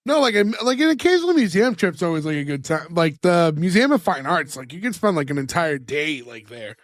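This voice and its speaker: A man, chatting loosely on a podcast. He recaps scenes with lots of "like" and quick put-on quotes, recorded dry and close. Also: on the high side, big pitch swings, dry recording. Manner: rambling, filler-heavy recaps with put-on quotes. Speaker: podcast co-host. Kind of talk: casual chat.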